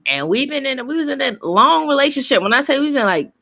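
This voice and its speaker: A young woman co-hosting a casual group chat, telling a story in an animated, slangy way with frequent laughter. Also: sits high, quick pace, vocal fry. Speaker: co-host.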